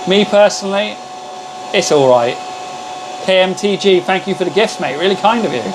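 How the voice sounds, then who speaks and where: A man's voice: high voice, animated, moderate pace, background noise. A man hosting a casual live stream from his workshop, chatting with viewers and greeting them as mate. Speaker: livestream host. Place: home workshop with laser machines.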